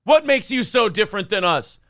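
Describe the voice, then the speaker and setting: Guy doing a fake jamaican accent, way higher than his normal voice, singsongy drawl, says "man" a lot. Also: very animated, brisk, fairly bright tone, dry recording, clean studio sound. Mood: joking. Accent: put-on Jamaican. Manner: sing-song, drawls, ends lines with "man". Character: man with a put-on Jamaican accent quoting movie lines.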